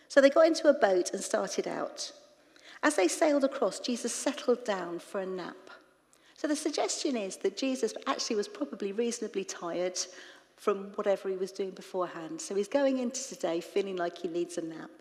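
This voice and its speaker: A woman preaching in church, retelling scripture with lively, animated asides to the congregation. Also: medium pitch. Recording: reverberant church hall.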